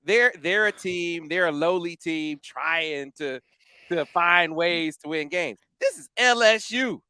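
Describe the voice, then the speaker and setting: Man, podcast host, animated and emphatic, bright sharp voice, crisp and dry. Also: a little high, slow pace, no echo. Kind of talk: casual sports podcast chat.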